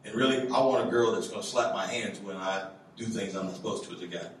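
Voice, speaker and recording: Animated youth pastor in an echoey hall. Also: male voice, on the low side, fast talker. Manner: animated, acts out voices and jokes. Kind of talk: lively youth sermon. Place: church youth service hall. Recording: echoey hall, mic from far off, background noise.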